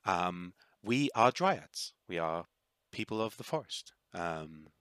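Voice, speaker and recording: A soft-spoken dryad woman of the willow woods, polite and fussy, a touch condescending toward outsiders, as a man puts her on. The voice sits low and bright in a dry, close room. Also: expressive, slow pace, no room sound, exaggerated voice. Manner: soft, apologetic, slightly condescending.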